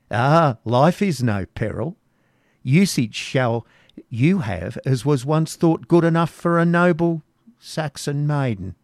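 A scornful old hag grumbles and mutters her spite in a gravelly, close voice, put on by a man reading a storybook. The sound is dry, with no room around it. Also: on the high side, no room sound, pitched above the performer's own voice, exaggerated voice.

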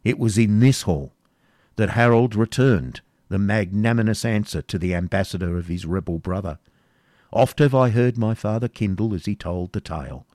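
A man's voice: on the low side, lively intonation, moderate pace, a little mellow, no room sound, natural voice. A man voicing a proud, brooding old Saxon lord with a stately, declaiming manner in an audiobook reading, dry and close.

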